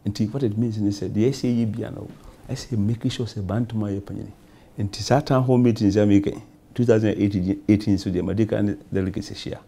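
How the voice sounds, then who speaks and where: A man's voice: fairly low pitch, steady tone, fast talker, gravelly, dark tone, slightly rough. A Ghanaian man, a member of parliament, answering in a talk show interview with rambling, repetitive answers. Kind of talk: talk show interview, mixing English and Twi.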